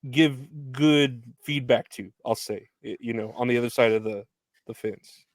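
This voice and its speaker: A man's voice: mid-range voice, a little slow, dry recording, clean studio sound. A man hosting a podcast interview, chatting in a rambling, hesitant way with lots of fillers. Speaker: podcast host. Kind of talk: casual interview chat.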